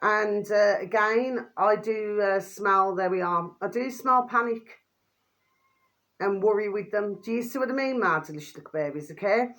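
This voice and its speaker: A woman, rambling through casual commentary, full of fillers and tag questions, with quick low asides to her viewers. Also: fairly even intonation, a bit bright. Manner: drops pet phrase "my delicious babies" in a quick low aside. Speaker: vlogger commenting on videos.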